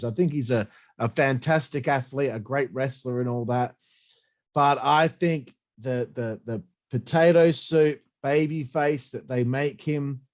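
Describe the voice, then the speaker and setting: A man's voice: medium pitch, darkish tone. A man with a runny nose giving a blunt, profane, ranting review of a wrestling show. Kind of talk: casual opinionated review.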